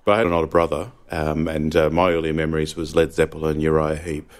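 A man's voice: rumbling low, little pitch movement, quick pace. A middle-aged Australian father recalling his youth in an interview, in an easygoing, rambling way. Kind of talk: relaxed reminiscing interview.

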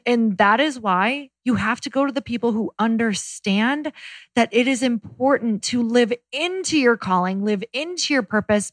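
A woman's voice: fairly high pitch, fairly bright tone, dry recording. A woman co-hosting a personal finance podcast, speaking in an enthusiastic, earnest, heartfelt way. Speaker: podcast co-host. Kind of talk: casual podcast chat.

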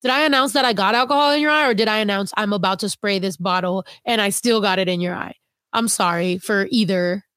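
A woman's voice: mid-range voice, quick pace, fairly bright tone, dry recording, clean studio sound. A young adult woman hosting a casual livestream, reading chat comments with blunt, teasing, profane talk. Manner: blunt, swears freely, teasing.

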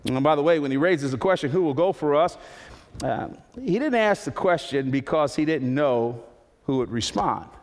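A male pastor preaching a sermon, building to loud high peaks and then dropping to slow, quiet emphasis. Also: expressive. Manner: preaching with sudden swells to high, loud climaxes and soft, slow drops. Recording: long hall reverb.

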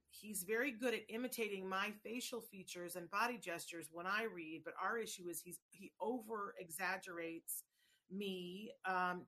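Woman host, bright tense tone, reads viewer questions aloud in an upbeat way. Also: medium pitch. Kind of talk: live Q&A hosting.

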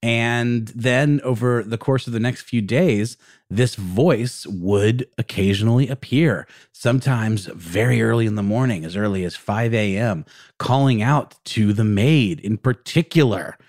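Male podcast co-host, low voice, dry close mic, loose chatty storyteller. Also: a little slow, a little mellow, no echo. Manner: rambling, many fillers and restarts. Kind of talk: casual storytelling chat.

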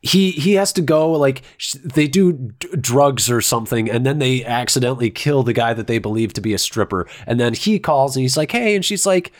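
A man's voice: medium pitch, lively intonation, a little fast, few pauses. A man ranting sarcastically and swearing freely in a casual movie review chat.

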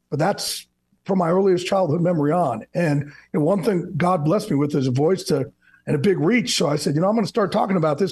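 A man's voice: a little high, breathy edge. A man in his fifties from New Jersey, a radio guest talking candidly over a video call, restarting words as he goes. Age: 50s. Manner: candid, energetic, repeats words when starting a thought. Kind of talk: casual interview chat.

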